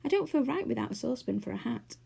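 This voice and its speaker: A woman's voice: on the high side, big pitch swings, fast, gravelly, mellow, breathy edge, full character voice. A woman voicing a sad, hesitant old man turned into a toy rabbit in a storybook. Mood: sulky.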